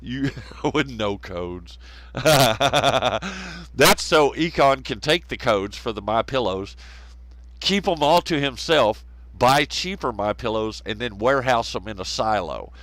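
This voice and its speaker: A man from the Southern United States, with a Southern American accent, hosts a live stream of casual, rambling chat full of swearing, laughter, and mocking impressions of others. His mid-range, fairly bright voice has lively intonation and a slow delivery. There's no echo, though the recording is rough.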